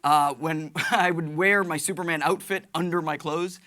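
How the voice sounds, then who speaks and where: A man from the United States, an Army veteran, doing stand-up comedy storytelling in an animated, excitable way. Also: on the high side, moderate pace. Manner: animated, excitable, jumps between voices.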